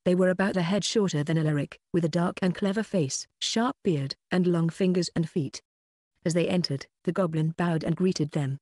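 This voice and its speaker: An audiobook narrator giving a steady, scripted reading of a fantasy novel. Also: medium pitch, normal speed, dry recording, clean studio sound.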